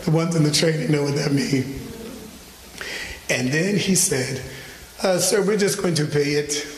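A high-pitched male pastor preaching with animated storytelling, acting out his own conversations. His voice comes from some distance off the mic and rings through a large, echoing church hall with a long reverb tail. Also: measured pace, slight background noise. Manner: animated storytelling, acts out his own phone calls, laughs along. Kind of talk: sermon with personal story. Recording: echoey church hall from far off.

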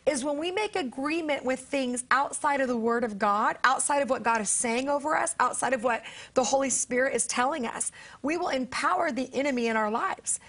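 A woman's voice: high-pitched, vocal fry, fairly bright tone. A woman guest on a faith talk show, telling a personal story in earnest and acting out the dialogue as a preacher and author.

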